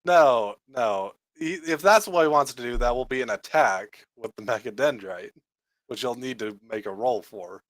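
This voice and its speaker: A man's voice: medium pitch, normal speed, dry recording, studio quality. A man acting as game master, ruling on rolls and damage in a tabletop game. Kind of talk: running a tabletop game over voice chat.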